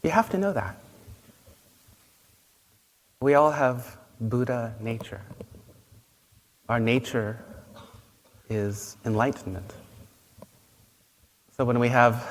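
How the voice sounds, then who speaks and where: Slow, gentle male Buddhist teacher. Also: fairly low pitch, steady tone. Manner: gentle, unhurried storytelling with pauses. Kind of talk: dharma talk. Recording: long reverb, faint noise.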